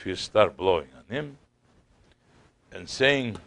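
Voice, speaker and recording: Slow, low-voiced man telling a story. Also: lively intonation. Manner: non-native English, acts out voices in the story. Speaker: sheikh giving a talk. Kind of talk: sohbet storytelling talk.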